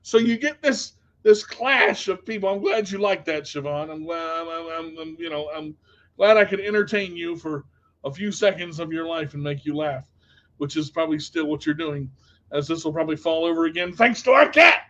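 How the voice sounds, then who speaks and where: A man telling a story casually to camera as a vlogger, animated and jumping to loud outbursts when retelling panic. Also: a little high, normal speed.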